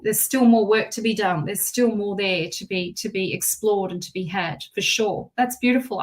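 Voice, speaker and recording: A woman's voice: medium pitch, a bit bright. A woman giving a live-stream tarot card reading. She repeats her phrases and reads viewer comments aloud. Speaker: tarot reader.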